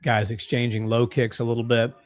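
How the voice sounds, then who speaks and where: Young male co-host, casual live fight commentary, excitable, mid pitch, dry close mic. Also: a little fast, dry recording. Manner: excitable, gasping at big strikes. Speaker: co-host of a fight watch-along stream.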